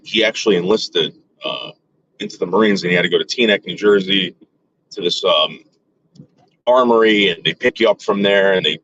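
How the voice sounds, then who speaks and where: A man's voice: low voice, a bit bright, highs cut off, a little hiss or hum. A man telling a rambling story, full of fillers and restarts, acting out what his relatives said. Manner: acts out quoted relatives with voice shifts. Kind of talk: casual storytelling.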